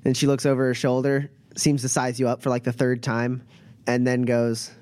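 Halting man narrating a tabletop game. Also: medium pitch, completely flat delivery, darkish tone, no room sound. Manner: halting, many fillers. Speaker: game master.

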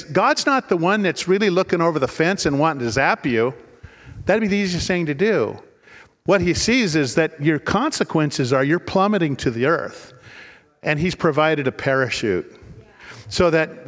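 A man's voice: fairly high pitch, long reverb tail. A man preaching a sermon in an earnest storytelling manner, often repeating words as he restarts. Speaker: pastor.

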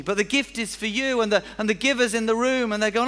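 A man's voice: sits high, fast, hardly any pauses, pushed and bright, clear, resonant tone. Chatty man preaching. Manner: chatty, self-deprecating, acts out little scenes. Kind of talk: sermon. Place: church.

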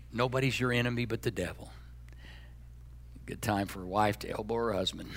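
A man preaching a sermon as pastor, folksy and joking, swinging between loud bursts and hushed asides. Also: on the low side, brisk, long pauses.

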